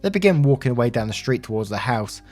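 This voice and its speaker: A man with a mid-range voice reads a first-person story aloud. His delivery is steady and earnest. Faint music plays beneath the narration. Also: medium pitch, fast.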